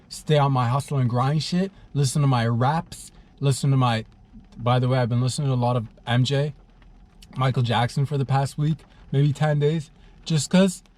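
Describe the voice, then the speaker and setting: Young male comedy podcast host, solo, crude and rambling, mid-pitched voice. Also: normal speed, a little mellow. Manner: crude, rambling, loses his train of thought.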